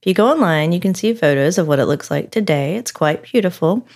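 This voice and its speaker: A woman's voice: fairly low pitch, lively intonation, fairly quick, a little mellow. A woman co-hosting a podcast, telling a story and bantering in casual chat. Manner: chatty, narrating then bantering. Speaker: podcast co-host.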